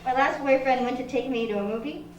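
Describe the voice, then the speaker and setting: A woman doing a stand-up comedy set in a club, delivering deadpan one-liners with halting restarts. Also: sits high, faint music behind. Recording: roomy live room from far mic, audience laughter. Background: audience laughter.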